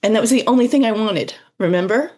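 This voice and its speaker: A woman guest speaking effusively in casual chat, heartfelt and quick to laugh. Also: on the high side, a little mellow.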